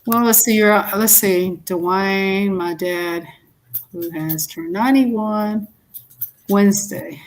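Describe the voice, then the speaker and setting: A woman's voice: mid-range voice, takes it slowly. An older woman co-hosting a casual livestream, chatting in friendly asides. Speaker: co-host.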